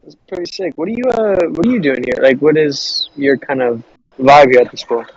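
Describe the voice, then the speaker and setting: A man's voice: a little high, brisk, muffled recording, a little hiss or hum. A man playing a tabletop game in a laid-back, slangy way. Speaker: player. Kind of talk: casual in-character play.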